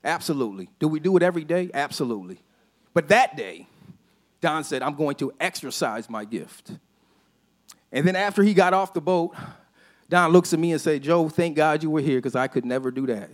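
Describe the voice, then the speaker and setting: A man preaching a sermon as a pastor, telling a personal story in a casual, conversational way and often dropping to a soft, low voice for emphasis. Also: moderate pace. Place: church sanctuary.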